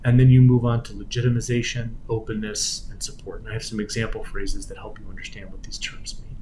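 A man's voice: mid-range voice, a little hiss or hum, poor audio. Man giving a clinical lecture. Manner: explanatory, acts out quoted voices, trails off softly at ends of phrases. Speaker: physical therapy lecturer. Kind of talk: conference lecture.

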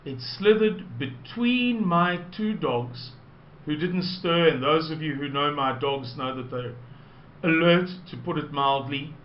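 Slow-spoken South African man telling a story. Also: fairly high pitch, animated, slight background noise. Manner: slow, digressive, unhurried storytelling. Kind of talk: recounted personal anecdote. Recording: roomy, dull lo-fi recording.

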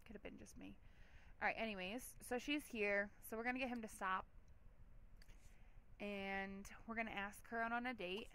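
A woman's voice: mid-range voice, fairly even intonation, normal speed, pauses often, sharp tone. A woman hosting a let's play, giving chatty, giggly gameplay commentary with a lot of "like".

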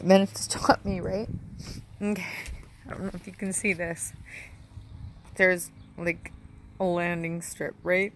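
A woman's voice: fairly low pitch, slight background noise. A woman telling a rambling, emotional personal story in a casual home vlog, often adding "right?" and "like". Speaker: vlogger.

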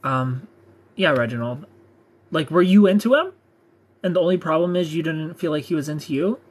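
A man's voice: a little high, normal speed, a little hiss or hum. A young man hosting a live stream, joking casually and reading out viewer comments.

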